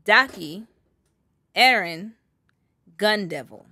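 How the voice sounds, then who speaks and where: A woman's voice: mid-range voice, expressive, slow pace, sharp tone, no echo, clean studio sound. A woman co-hosting a podcast, announcing award categories and teasing her co-hosts in casual chat.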